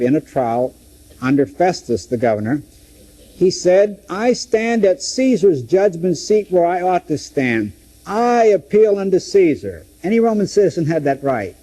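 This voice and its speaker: Husky dark-voiced male Bible teacher. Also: a little high, poor audio. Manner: dramatic, acts out scripture quotes.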